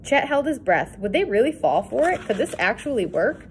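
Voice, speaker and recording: A woman reading a children's chapter book aloud with expressive, dramatic pacing. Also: on the high side, moderate pace, a little hiss or hum. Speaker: reader. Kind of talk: read-aloud storybook narration.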